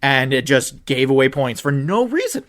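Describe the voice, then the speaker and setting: A man co-hosting a podcast, ranting about football with an animated, swearing delivery that climbs toward near-shouts when he gets upset. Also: mid-range voice, moderate pace. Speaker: podcast co-host. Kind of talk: ranting sports chat.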